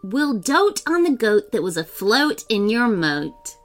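A woman's voice: a little high, big pitch swings, slow pace, faint music behind. A woman voicing a sensible, cheerful young boy who talks in a practical, upbeat way.

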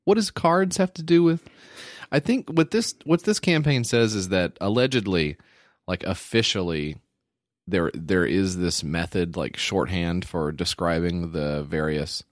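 A man's voice: low voice, animated, unhurried, dry recording, clean studio sound. A man co-hosting a podcast in loose, casual chat, full of "like" fillers and reading text aloud. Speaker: podcast co-host.

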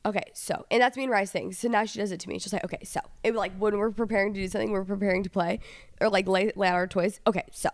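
A young woman co-hosting a podcast, chatting casually and telling stories in a fast, animated way. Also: mid-range voice, no room sound, clean studio sound. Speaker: podcast co-host. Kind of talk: casual chat.

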